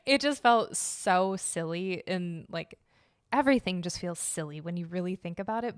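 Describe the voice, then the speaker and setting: A woman's voice: fairly low pitch, expressive, moderate pace, clean tone, no room sound, studio quality. A young woman hosting a casual solo art and history podcast, chatty and opinionated, with lots of fillers and asides. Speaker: podcast host.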